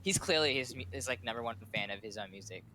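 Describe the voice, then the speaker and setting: A man's voice: medium pitch, animated, quick pace, very noisy. A laid-back man chatting casually with friends on a voice call. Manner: laid-back, says dude a lot.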